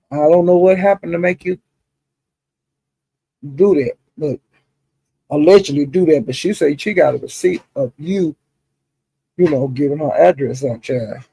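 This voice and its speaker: A woman runs her live stream like a kitchen-table gossip session, greeting viewers one by one and dropping "honey" and "child" as she goes. Her voice is gravelly and husky, with a slight rasp at the bottom of her range. The sound is dry and close, with almost no room in it. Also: low-pitched, warm tone, no room sound. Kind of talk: casual gossip commentary. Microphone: streaming setup.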